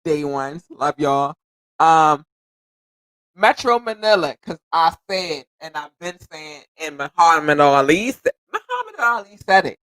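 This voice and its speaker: Male podcast host, effusive and rambling, slightly high voice, close dry recording. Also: animated, unhurried, no room sound, low-quality recording. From United States. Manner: effusive and grateful, repeating thanks and shout-outs; rambling, self-correcting, occasionally tongue-tied. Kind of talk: casual solo podcast chat.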